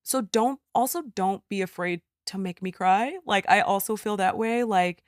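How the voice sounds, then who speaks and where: A woman in her thirties, a podcast guest, telling stories in an animated, affirming way. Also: medium pitch, moderate pace, no room sound, clean studio sound. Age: 30s. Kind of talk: casual chat.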